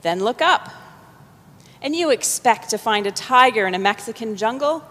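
A woman's voice: fairly high pitch, expressive, normal speed, a bit bright. A woman voicing a passionate, indignant sixteen-year-old boy, speaking in a mocking, theatrical way. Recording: long hall reverb.

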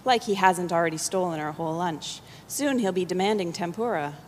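A woman's voice: on the low side, a little fast, slight background noise, close to an everyday voice. A woman voicing a stiff, impatient male investigator, speaking in a curt, formal way. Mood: grumbling. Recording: long hall reverb.

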